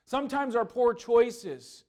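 High-voiced man preaching with passion. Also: slow. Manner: impassioned preaching, swinging from loud pleading to hushed earnestness. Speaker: pastor. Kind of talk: sermon.

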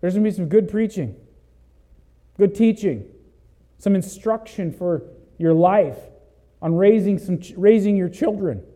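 A male pastor preaching a sermon emphatically, swinging between loud exhortation and hushed asides, and calling out "Amen?" to the congregation. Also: sits high, measured pace, long pauses.

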